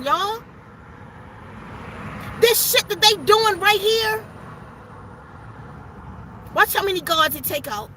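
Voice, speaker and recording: High-voiced woman preaching an angry rant. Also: animated, takes it slowly, pauses often, bright, forceful tone, slight background noise, low-quality recording. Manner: emphatic, preachy, profane. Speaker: channel host giving a spiritual message. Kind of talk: casual rant to camera.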